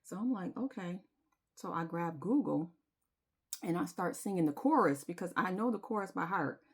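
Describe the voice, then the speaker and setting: This spiritual vlogger shares a personal story with her viewers, confiding and emotional, and sings snatches of a chorus. Her voice is fairly low and slightly rough, animated, and moves at a moderate pace.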